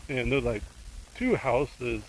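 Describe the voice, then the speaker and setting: Speaking slowly in a sing-song, medium-pitched voice, a man rambles through a casual retelling of a true crime case, emotionally invested and turning aside to address the viewer. The recording is low quality, with a little hiss or hum.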